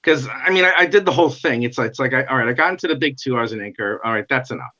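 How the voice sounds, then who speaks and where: A middle-aged man telling his life story in a casual interview, animated and acting out the voices of others. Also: mid-range voice, racing. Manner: animated, acts out quoted dialogue. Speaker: guest comic artist. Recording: dull lo-fi sound.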